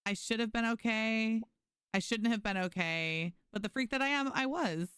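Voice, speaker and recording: A woman's voice: a little high, normal speed, a bit bright, clear, resonant tone, no echo, studio quality. A woman streaming a game live, chatting casually with viewers and thanking them by name. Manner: frequent restarts and fillers. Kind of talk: casual live gameplay commentary.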